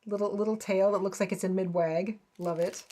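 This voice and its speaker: A woman's voice: mid-range voice, steady tone, brisk, dark tone, slight background noise. A woman hosting a crafting channel, chatting casually and gushing over each piece with frequent exclamations and little laughs. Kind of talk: casual unboxing chat.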